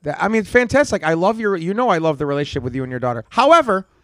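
A man co-hosting a podcast, telling stories in animated, joking banter. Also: high voice, rapid-fire, no echo, studio quality. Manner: animated, joking, self-deprecating. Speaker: podcast co-host. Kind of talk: casual banter.

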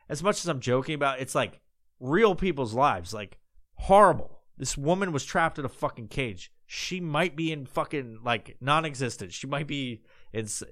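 A man's voice: medium pitch, a bit bright, dry recording, studio quality. A man hosting a podcast, talking in a loose, rambling way with lots of swearing and restarts. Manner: loose and profane, full of fillers and restarts. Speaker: podcast host. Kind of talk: casual rambling monologue.

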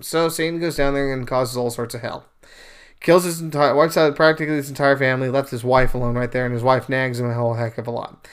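A man's voice: medium pitch, a little fast, smooth. A man hosting a podcast, casually retelling a scripture story and giving his views, emphatic and chatty with asides. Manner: animated, emphatic, acts out quoted speakers; conversational with fillers and asides. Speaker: podcast host. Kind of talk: casual retelling and religious commentary.

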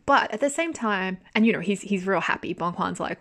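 A young woman talks through a drama's ending in a loose, chatty podcast ramble. Her voice sits at an ordinary middle pitch and is lively, quick to laugh, with the odd casual swear word. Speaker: podcast host. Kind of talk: casual drama review monologue.

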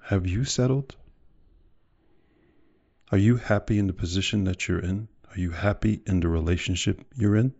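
A man hosting a podcast, giving a motivational monologue built on repeated rhetorical questions and slow, drawn-out emphasis. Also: sits low, darkish tone, muffled recording. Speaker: podcast host.

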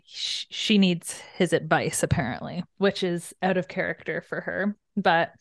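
A woman's voice: fairly low pitch, measured pace, no echo, clean studio sound. A woman chatting casually about a novel, recapping chapters and acting out characters' lines. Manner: relaxed, acts out characters' lines. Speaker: book discussion co-host.

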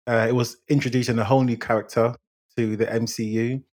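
A man co-hosting a film podcast, giving measured, agreeable opinions and short murmured replies. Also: medium pitch, level tone, a little mellow. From England. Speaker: podcast co-host. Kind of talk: casual film review chat.

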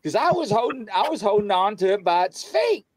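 Animated man telling stories. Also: fairly quick, husky, no room sound. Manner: animated, acts out quotes with big pitch jumps. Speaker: paranormal show guest telling stories. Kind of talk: casual storytelling chat.

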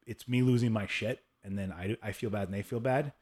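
A man's voice: lowish voice, fairly quick, darkish tone. A man in his thirties hosting a casual interview chat, talking frankly, swearing, and acting out voices when he tells a story. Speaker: podcast host.

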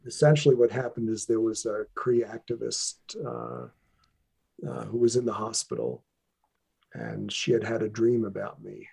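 A man speaking as an interview guest, sharing serious stories about his training in an earnest, measured way with frequent restarts. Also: fairly low pitch, little pitch movement, gravelly, mellow, slightly rough. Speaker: guest, traditional healer. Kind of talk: interview, reflective storytelling.

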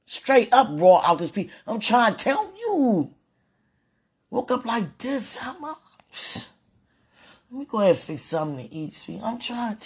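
A woman's voice: medium pitch, slightly rough. A woman, praying aloud in a fervent, pleading, rambling way and laughing between phrases. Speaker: religious speaker. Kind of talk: emotional spoken prayer.

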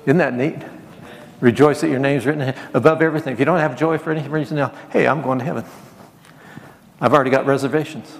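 A man's voice: medium pitch, steady tone, fast, creaky, in a large hall. A man preaching a sermon as pastor, calling on the congregation to repeat lines and acting out quotes in his talk. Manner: preaching with call-and-response and acted quotes.

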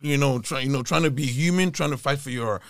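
A man, a comedian guest on a podcast, telling stories in lively casual chat. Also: quick pace, no room sound, studio quality. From Ireland, came at fifteen. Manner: animated storyteller, bursts into high-pitched laughter and acted voices.

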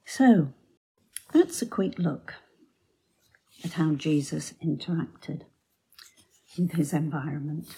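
A woman giving a devotional Bible talk, telling the story slowly and sinking to soft near-whispers. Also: low voice, expressive, gravelly, breathy edge, rough recording. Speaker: Bible teacher.

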